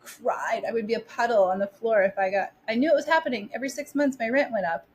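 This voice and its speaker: A woman in her forties, a podcast guest telling stories in a chatty, animated way with lots of restarts. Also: fairly high pitch, quick pace, slight background noise. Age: 40s. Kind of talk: casual interview storytelling.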